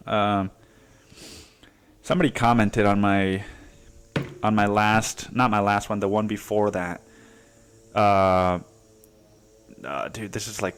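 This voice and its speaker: A man hosting a casual solo podcast, rambling in a stream of consciousness and swearing constantly. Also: medium pitch. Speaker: podcast host.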